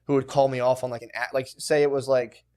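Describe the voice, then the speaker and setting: A young man co-hosting a podcast, telling stories in a casual, profane chat with frequent laughter and quick asides. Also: mid-range voice. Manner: animated storytelling, laughs often, quick asides. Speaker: podcast co-host.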